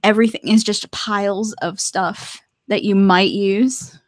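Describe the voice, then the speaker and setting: A woman's voice: mid-range voice, fairly even intonation, measured pace, dry recording. Chatty woman with a dry, close sound. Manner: chatty, laughs often. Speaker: artist live-streaming to viewers. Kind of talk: casual live-stream chat. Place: home art desk.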